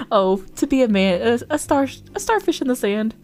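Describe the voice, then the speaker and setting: A playful woman streamer talks her way through a game, giggling and gasping as things surprise her. Her chat is loose and friendly, with faint game music underneath. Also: on the high side. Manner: giggly, playful, chatty, with frequent gasps. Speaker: variety streamer. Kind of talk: casual live-stream gameplay chat.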